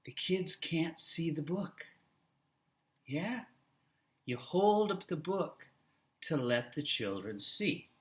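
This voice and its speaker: A man training future teachers, giving a classroom lecture and demonstrating how to read aloud to children with a coaching manner. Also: on the high side. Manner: slow, animated, coaching tone with vocal demos.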